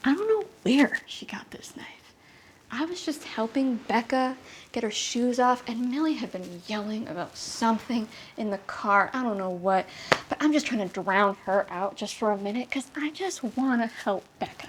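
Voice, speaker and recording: Young woman telling a raw story on her own, kinda high voice, halting and intense. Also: expressive, slight background noise. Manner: intense, halting, emotional delivery. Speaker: solo comedian. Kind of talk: confessional storytelling monologue. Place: apartment.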